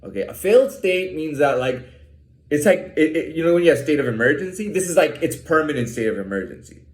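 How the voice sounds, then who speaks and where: Heated profane man ranting, lively pitch. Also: fairly quick, reverberant. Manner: heated, profane, stammering with repeated fillers. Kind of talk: casual rant.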